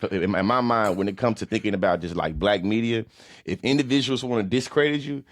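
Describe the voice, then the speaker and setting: Blunt man with a lowish voice. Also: a little fast, no echo. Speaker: panel guest.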